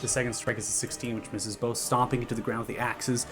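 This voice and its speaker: A man's voice: mid-range voice, fast. Man narrating as game master over music. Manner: calm descriptive narration of combat.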